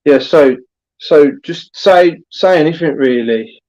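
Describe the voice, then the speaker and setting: A man's voice: a little high, slow, darkish tone, no room sound, dull audio. A man chatting casually on a livestream, repeating and restarting his phrases. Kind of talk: casual chat.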